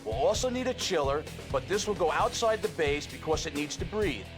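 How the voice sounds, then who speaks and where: A man's voice: fairly high pitch, animated, fairly quick. Man explaining over a TV music bed. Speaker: reality show cast member. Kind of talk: reality TV talk. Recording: reality TV clip with music bed.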